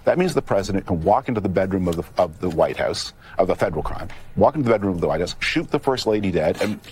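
A man's voice: sits low, expressive, rapid-fire, a little mellow, a little hiss or hum. A man, a political commentator, giving an urgent, explanatory answer in a television interview clip.

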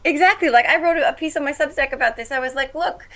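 A woman's voice: sits high, fast talker, sharp tone. A woman with a New Jersey accent, a mom and guest commentator, giving blunt, emphatic opinions in casual chat.

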